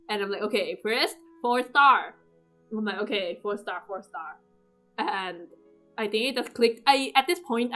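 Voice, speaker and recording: A young woman casually recapping her game summons, often jumping into high, loud squeals as she replays her own screaming. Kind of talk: casual excited commentary over gameplay. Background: game music.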